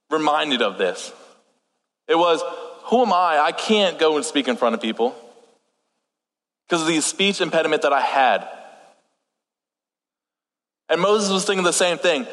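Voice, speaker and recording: A man's voice: a little high, a bit bright. Young man preaching in a reverberant hall. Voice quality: slight lisp and stutter. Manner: chatty, joking asides, reads scripture aloud. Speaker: youth pastor. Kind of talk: casual sermon. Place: church hall.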